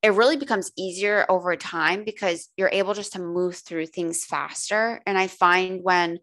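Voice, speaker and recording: A woman's voice: on the low side, steady tone, normal speed, fairly bright tone. A woman coach talking candidly in a casual podcast conversation, swearing freely and saying "like" a lot. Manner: candid, frequent swearing and filler "like". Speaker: holistic coach guest.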